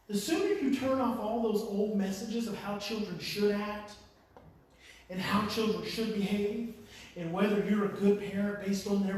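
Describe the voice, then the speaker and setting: A man speaks passionately to parents in a strikingly high voice, repeating his phrases and swinging from hushed to loud. He stands well back from the microphone, and a heavy room echo surrounds his words. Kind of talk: impassioned talk to parents. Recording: very echoey room, far from the mic.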